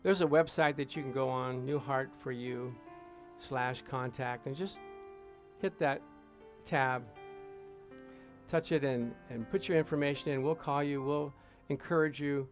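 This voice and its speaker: A man's voice: medium pitch, fairly even intonation, measured pace, pauses often, soft background music. A male pastor preaching and leading prayer with fervent repetition, calling out to his listeners for an amen. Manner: fervent, repeats phrases, calls out "Amen?". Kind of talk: sermon and prayer.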